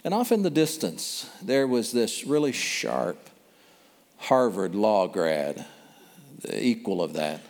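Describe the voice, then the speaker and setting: A man's voice: on the low side, animated, slow pace, darkish tone. A man preaching a sermon, telling the story vividly and repeating phrases for emphasis. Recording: long hall reverb.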